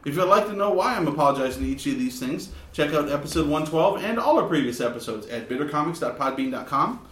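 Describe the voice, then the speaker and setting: Lively, bright-voiced man hosting a podcast. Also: on the high side. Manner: jokey, deadpan, reads promos briskly. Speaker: podcast host. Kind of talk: comedy podcast banter. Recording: roomy with faint hiss.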